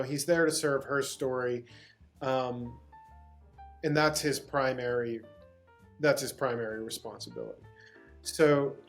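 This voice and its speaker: Being interviewed, this mid-range-voiced actor from Pittsburgh, USA, spins out a lengthy story. He wanders, starts over repeatedly and breaks into laughter.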